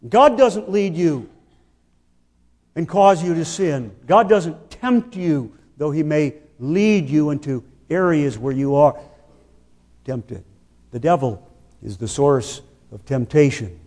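Male preacher, slightly high voice, unhurried emphatic sermon, rhetorical questions. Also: expressive, darkish tone, big-room sound.

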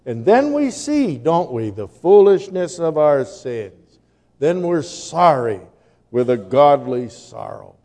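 A man preaching a sermon, slow and emphatic, building to forceful declarations. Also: on the high side, very animated, gravelly, in a large hall.

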